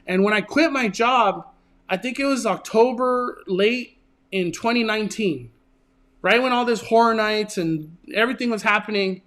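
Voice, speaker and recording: A man with a notably high speaking voice hosts his own channel. He tells his story in a casual, earnest and emotional way, often restarting his sentences. He is from Southern California. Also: moderate pace, a bit bright. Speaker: channel host.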